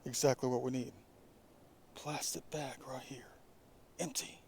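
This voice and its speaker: A man's voice: medium pitch, steady tone, unhurried, gravelly, a little mellow, slight background noise. A man narrating a casual outdoor vlog, musing to himself and often dropping into a whisper while picking up trash in the woods. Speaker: vlogger. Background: insects and crickets.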